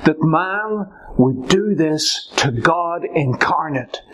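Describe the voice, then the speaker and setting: A man preaching a sermon, swinging from loud cries to hushed whispers. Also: fairly high pitch, lively intonation, slow pace.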